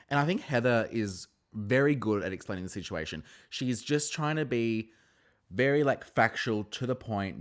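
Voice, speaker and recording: A man hosting a podcast, recapping a reality show in casual chat, swearing, laughing and acting out the cast's quotes. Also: medium pitch. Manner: chatty, animated, swears and laughs often, acts out quotes.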